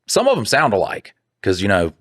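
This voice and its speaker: A man co-hosting a podcast, telling a story in casual chat, animated and swearing freely, acting out what other people said. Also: fairly low pitch, brisk, no room sound, studio quality. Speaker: podcast co-host.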